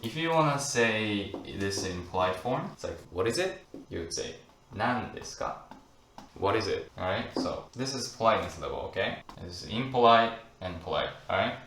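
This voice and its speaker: A man with a Japanese accent explaining points patiently in an online lesson, repeating phrases slowly for learners. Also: fairly low pitch, lively intonation, fairly bright tone. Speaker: Japanese language teacher. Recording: echoey room with faint noise.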